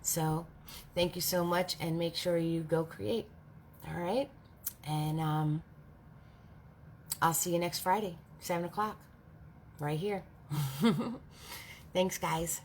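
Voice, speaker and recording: A woman's voice: lowish voice, takes it slowly, pauses often, darkish tone, a little hiss or hum. Chatty woman hosting a live paint party. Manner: friendly, laughs often, narrates each step. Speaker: paint party host and art instructor.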